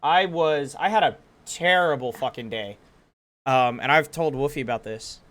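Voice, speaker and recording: A young man co-hosting a podcast, speaking earnestly and haltingly about a hard day. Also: medium pitch, a bit bright. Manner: earnest, halting with many fillers and restarts. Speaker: podcast co-host. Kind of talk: casual chat.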